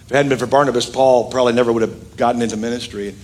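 A middle-aged man preaching a sermon as pastor, telling stories with big swings in his voice and joking with the congregation. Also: racing. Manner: lively storytelling with big pitch swings and asides; calls on the congregation to repeat lines. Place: church sanctuary with congregation.

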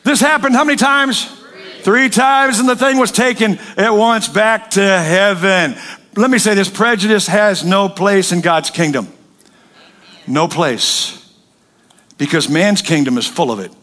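A man's voice: high voice, a little slow. A man preaching a sermon, telling stories with jokes and acted voices. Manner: joking, animated storytelling with acted voices. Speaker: pastor.

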